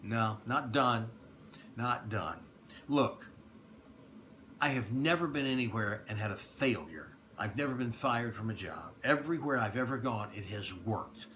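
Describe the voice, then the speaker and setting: A man's voice: fairly low pitch, expressive, measured pace, pushed and bright, a little hiss or hum. A middle-aged man, a radio talk show host, speaking straight to his listeners in a plainspoken announcement, stressing points by repeating them. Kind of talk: direct-to-listener announcement monologue.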